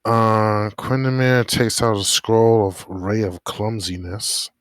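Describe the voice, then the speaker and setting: A man playing a tabletop game, talking through his options in a halting, thinking-aloud way. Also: fairly low pitch, fairly even intonation, fairly bright tone, no echo. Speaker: player. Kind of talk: casual game chat.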